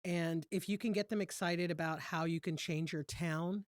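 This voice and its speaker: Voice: mid-range voice, fairly even intonation, moderate pace, dry recording, clean studio sound. A podcast co-host telling an earnest campaign story with fillers such as "you know". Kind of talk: casual podcast chat.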